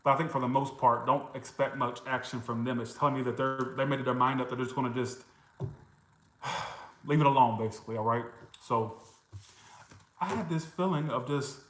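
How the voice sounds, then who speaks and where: A man's voice: medium pitch, a bit bright. Chatty man doing a tarot reading in an echoey room. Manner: chatty, reacts to comments, swears and laughs. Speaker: tarot reader. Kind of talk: casual tarot reading livestream.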